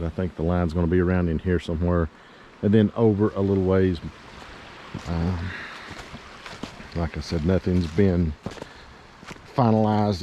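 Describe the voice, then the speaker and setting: A man's voice: low-pitched, warm tone, a little hiss or hum. A man who has a cold, giving a casual, rambling walking tour of riverside land as a real estate agent. He is out of breath from climbing and sniffling. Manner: casual, folksy, rambling with fillers. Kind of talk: walking property tour vlog. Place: outdoors on wooded riverside land.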